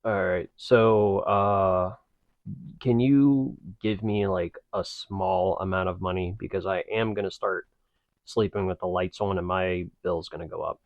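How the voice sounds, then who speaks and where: Man, lowish voice, slow drawl, wry joking banter, dry lo-fi sound. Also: steady tone, no room sound. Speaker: podcast co-host. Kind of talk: casual comedic banter.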